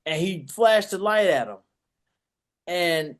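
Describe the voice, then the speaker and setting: Animated man. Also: sits high, moderate pace. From Washington, DC. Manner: animated, acts out voices and shouts. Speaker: podcast co-host. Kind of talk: casual storytelling.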